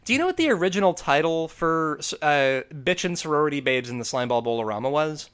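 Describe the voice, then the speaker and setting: A man hosting a casual movie review chat, talking in an animated, profane way and laughing often. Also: a little high, fast, clean tone. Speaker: podcast host.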